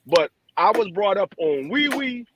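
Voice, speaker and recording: A middle-aged man telling loud, profane stories in casual chat, often stammering and restarting. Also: high voice, sing-song, a little slow.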